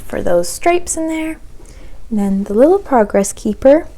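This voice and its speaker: A young adult woman hosting a podcast, chatting casually about her knitting projects and sometimes slipping into a soft whisper. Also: fairly high pitch, animated, a little slow, slight background noise. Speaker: podcast host.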